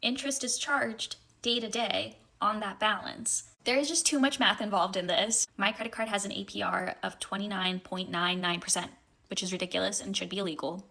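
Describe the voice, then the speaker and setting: Woman, 30s, bright voice, exasperated explainer. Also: medium pitch, fairly even intonation, normal speed, gravelly, low-quality recording. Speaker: social media poster. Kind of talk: casual talk to camera.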